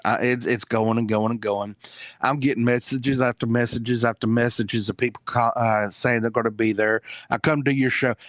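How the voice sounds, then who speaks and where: A man's voice: medium pitch, fairly bright tone, no room sound. Rambling man telling a story, dry sound. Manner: rambling with many fillers and restarts. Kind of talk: casual storytelling.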